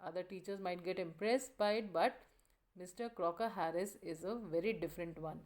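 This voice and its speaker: Brief: woman teacher, lowish voice, walks a class through a play scene, measured and plain. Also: darkish tone. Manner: reads quoted lines aloud, with pauses and fillers. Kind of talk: explaining a play scene in a lesson.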